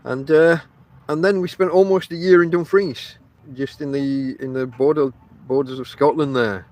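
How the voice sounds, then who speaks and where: A man's voice: a little high, fairly even intonation, normal speed, a little mellow. A man from Barnsley with a Northern English accent, hosting a casual rambling podcast monologue from a tent and talking straight to his listeners. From Barnsley, South Yorkshire, England. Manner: chatty, addresses listeners directly, many fillers. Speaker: podcast host. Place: inside a tent outdoors.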